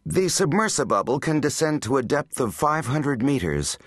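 A man's voice: mid-range voice, very animated, normal speed, dry recording, studio quality, pitched above the performer's own voice. A man voicing a cheerful woman tour guide giving rehearsed patter.

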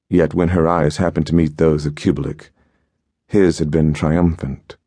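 A man narrating an adventure story in a measured, steady audiobook reading. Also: a bass voice, breathy edge, no room sound. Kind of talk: scripted narration.

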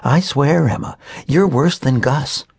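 A loving mother in a children's story, mildly scolding with relief, as a male narrator puts her on. Her voice sits a bit higher than the reader's own. Dry, close recording. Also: unhurried, gravelly, darkish tone, husky, no room sound. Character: exasperated but loving mother.

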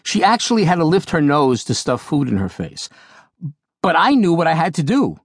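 A man from New York reads his memoir aloud with a wry, comic storyteller's touch. His pitch sits a bit high for a man and leaps lively through each line. The studio sound is close and dry. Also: normal speed, slightly rough, dry recording. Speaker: author narrating his memoir. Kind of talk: audiobook memoir narration. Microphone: studio microphone.

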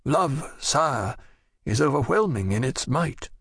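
Man doing an older nobleman, earnest, courtly, gravelly, dry close sound. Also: mid-range voice, animated, slow pace, fairly bright tone, no echo, heavily acted. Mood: pleading. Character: dignified older male nobleman, earnest father.

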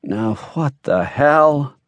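A man voicing a groggy, gruff private eye who is woken too early, speaking in a grumpy and wry way in an audiobook. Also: fairly high pitch, expressive, takes it slowly, dry recording.

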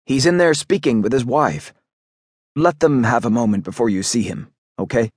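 A man playing a calm town doctor. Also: medium pitch, normal speed, breathy edge, dry recording, studio quality, natural voice. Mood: reassuring.

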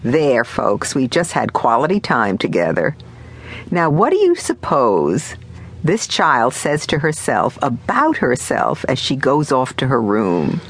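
A woman narrating her parenting audiobook in a conversational, wry, expressive manner. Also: a bass voice, unhurried, slightly rough. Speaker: author and narrator.

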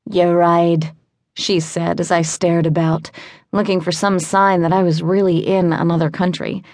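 A woman narrating a novel in first person with a wry, chatty and lively delivery into a studio microphone. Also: fairly low pitch, normal speed, no room sound. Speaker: audiobook narrator.

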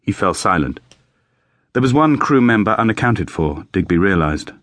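A low-sitting male voice narrates an audiobook in a measured, even storytelling manner. It is scripted narration, recorded as dry studio voice-over with no room sound.

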